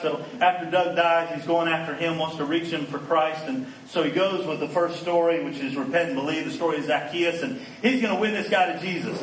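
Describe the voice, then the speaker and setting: A man giving a storytelling sermon as a conference speaker, animated and acting out the people in his stories. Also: on the high side. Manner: animated storyteller who acts out quoted lines. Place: conference hall. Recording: echoey hall, mic at a distance, faint background noise.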